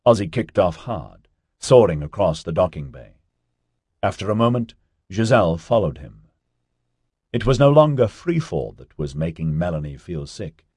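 A man narrating an audiobook in an expressive storytelling manner. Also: low voice, moderate pace, breathy edge, dry recording, clean studio sound.

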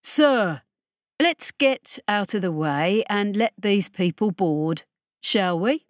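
A woman's voice: mid-range voice, animated, slow, no echo, studio quality. A woman doing a cool clipped male agent. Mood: commanding.

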